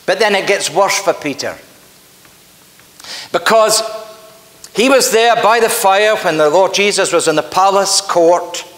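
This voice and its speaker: A man's voice: high voice, a little slow, pauses often, fairly bright tone. A man with a Scottish accent, a pastor preaching a sermon in an earnest, emphatic storytelling manner in a church. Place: church sanctuary. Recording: echoey church hall with long reverb.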